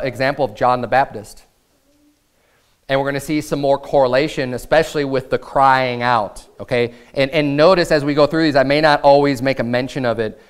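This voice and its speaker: A man's voice: medium pitch, smooth. An American man preaching a sermon as pastor, reading scripture aloud and building in intensity.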